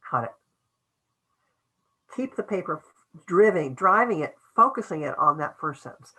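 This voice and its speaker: An older woman teaching an online writing class in a low, husky voice with a bright, forceful edge. She talks loosely and conversationally, trailing off, restarting, and acting out little quoted lines. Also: animated, a little slow, pauses often, poor audio. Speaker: academic writing lecturer. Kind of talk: webinar lecture.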